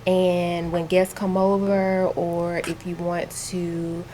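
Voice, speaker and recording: Woman reading tutor: lowish voice, patient and encouraging, faint background hiss. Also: little pitch movement, slow, warm tone. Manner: patient, encouraging, explains simply.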